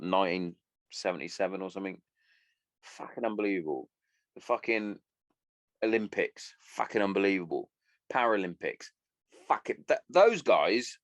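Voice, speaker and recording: A man's voice: on the low side, no echo. A man in his thirties hosting a solo podcast, rambling and swearing casually as he chats. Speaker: podcast host.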